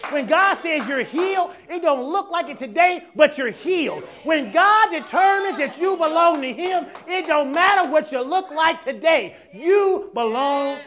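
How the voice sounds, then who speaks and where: Before his congregation, a pastor whose voice is notably high gives a lively sermon a little slowly, with few pauses. He speaks in a relaxed, casual manner, often voicing other people, and alternates hushed asides with loud, emphatic statements.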